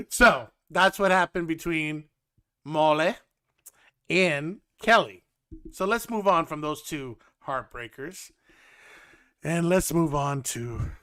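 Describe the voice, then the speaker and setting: A man's voice: a little high, takes it slowly, long pauses, fairly bright tone, dry recording, studio quality. A young man with a New York accent, hosting a blunt, mocking reality TV commentary. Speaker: host.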